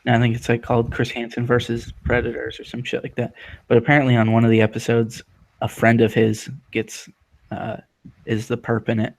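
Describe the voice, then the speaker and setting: A man's voice: mid-range voice, monotone, a little fast, vocal fry. A young man chatting casually in an online lobby, making crude jokes and swearing. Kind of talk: casual chat.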